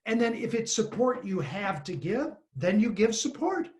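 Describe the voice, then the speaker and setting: A woman coach hosting a webinar on a video call, calm and validating, with a gently playful touch. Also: medium pitch, moderate pace.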